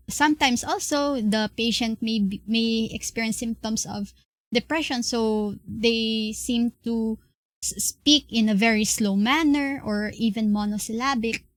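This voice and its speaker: Young woman, Filipino accent, class lecture, slow pace, dry sound, frequent um and uh. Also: on the high side, dry recording. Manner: slow and explanatory, many fillers and restarts. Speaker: class presenter.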